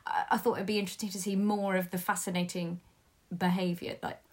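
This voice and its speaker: A woman's voice: lowish voice, level tone, fast talker. A woman in a casual film discussion, often searching for words and correcting herself. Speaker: film reviewer.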